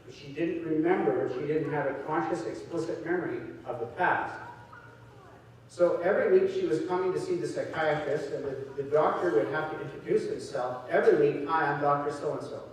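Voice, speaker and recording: Man, seminar speaker, storytelling, slightly high voice, distant mic, big echoey hall. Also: normal speed, a little mellow. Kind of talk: seminar talk to an audience.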